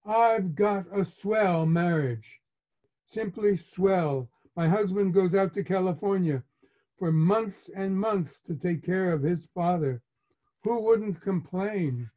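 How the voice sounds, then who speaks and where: Storybook figure: a sighing, guilt-tripping mother, sarcastic and slow, as a male author puts her on, dull lo-fi sound. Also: high-pitched. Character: martyred, complaining middle-aged mother. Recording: dull lo-fi recording.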